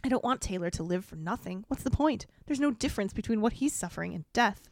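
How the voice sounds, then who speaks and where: A woman's voice: mid-range voice, lively intonation, fast talker, dry recording, studio quality. A woman co-hosting a casual podcast, reading her old writing aloud in mock-dramatic tones and laughing often.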